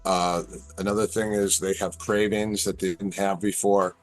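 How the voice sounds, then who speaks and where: Brief: middle-aged male guest, low voice, animated storyteller. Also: normal speed, soft background music. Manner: animated storyteller, acts out quoted lines. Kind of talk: casual storytelling chat.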